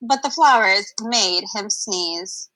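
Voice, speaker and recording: A woman's voice: medium pitch, slow, bright, forceful tone, poor audio. A young adult woman reading a picture book aloud to children on a livestream, stopping to explain words in a chatty way.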